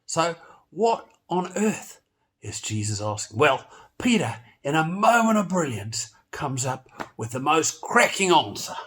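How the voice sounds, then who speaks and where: A man with a somewhat high voice tells a Bible story to children. He is playful and animated and exclaims often as he goes. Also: unhurried. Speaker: children's church teacher.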